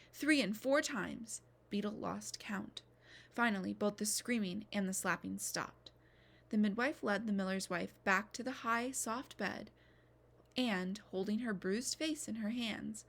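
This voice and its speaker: A woman reading a novel aloud in an expressive way, sometimes dropping to a whisper. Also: mid-range voice. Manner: expressive, drops to a whisper at times. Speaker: reader.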